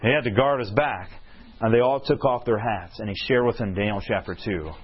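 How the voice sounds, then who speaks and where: A man's voice: lowish voice, fairly quick. A man preaching a sermon, telling a story and asking his listeners questions that he answers himself. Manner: asks the crowd questions and answers them himself. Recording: husky, dull lo-fi recording.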